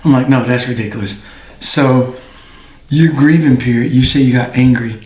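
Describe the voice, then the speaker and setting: A man's voice: mid-range voice, moderate pace, a little mellow. Supportive man hosting in an echoey room. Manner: supportive, frequent short affirmations. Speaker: podcast host. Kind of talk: casual interview chat.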